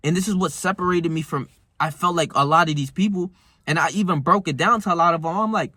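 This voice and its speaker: Talking fast in a slightly high, pushed, bright voice, this young self-improvement vlogger delivers a heated, casual monologue of stories full of slang and profanity. The recording is studio quality with no echo.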